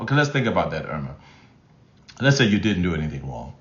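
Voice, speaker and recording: A male relationship coach talking on a live stream with a lively, animated pitch that swoops up and down. He drives his points home by repeating key phrases and often restarts his sentences. The room sounds echoey and a little dull. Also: moderate pace. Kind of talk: live-stream teaching, reading chat comments. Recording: roomy, slightly dull sound.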